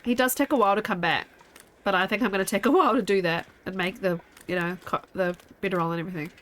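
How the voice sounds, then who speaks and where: A woman's voice: medium pitch, quick pace, fairly bright tone. A young woman streaming a game, chatting casually with her viewers while sleepy and yawning. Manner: chatty, rambling, talks to chat. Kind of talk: casual gameplay chat.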